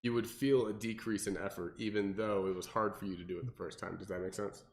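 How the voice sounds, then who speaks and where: A young man, a personal trainer, explaining workouts in casual podcast chat and acting out clients in mocking voices. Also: fast. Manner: animated, acts out clients with high mocking voices.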